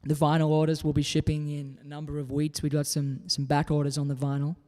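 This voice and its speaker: A man's voice: fairly high pitch, a little fast, long reverb tail. Australian man with a slight Southern drawl. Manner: relaxed, chatty, reads out viewer comments. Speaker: guitarist hosting a live show. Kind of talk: casual livestream chat between songs. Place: at home.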